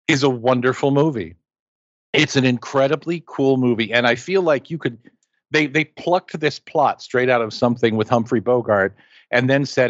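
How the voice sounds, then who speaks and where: A man's voice: mid-range voice, normal speed, dry recording, muffled recording. A man co-hosting a casual movie chat, enthusiastic and rambling, with playful asides. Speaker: podcast co-host.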